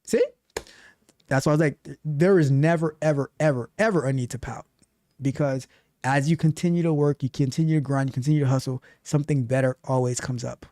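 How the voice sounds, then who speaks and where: A man's voice: medium pitch, steady tone, fast, warm tone, dry recording, studio quality. A man coaching on tech, streaming live and reading his chat aloud with a playful, teasing manner.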